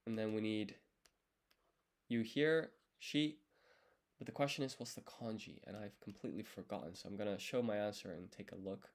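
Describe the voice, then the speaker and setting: Young guy w a lowish voice thinking out loud while studying, counts strokes, explains stuff patiently. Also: normal speed. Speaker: language learner streaming his study. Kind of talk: casual live study session, thinking aloud.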